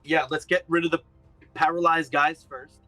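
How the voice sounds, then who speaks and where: Bright, laid-back male player. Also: on the high side, level tone, moderate pace, soft background music. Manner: laid-back, planning tactics out loud. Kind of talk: casual game talk.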